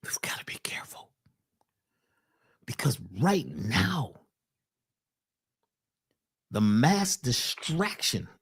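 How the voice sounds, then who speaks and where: A man giving a webcast talk on health in a preacherly way, swinging between loud lines and hushed ones. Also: on the high side, breathy edge. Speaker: holistic health speaker.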